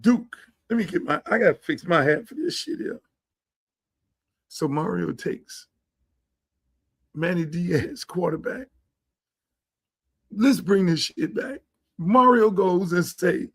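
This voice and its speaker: A middle-aged man from Miami runs his own show in a blunt, profane, animated commentary style. His voice sits high for a man, and he often drops into quoted voices of the people he talks about. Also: unhurried, long pauses, slightly rough. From Miami, Florida. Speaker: host.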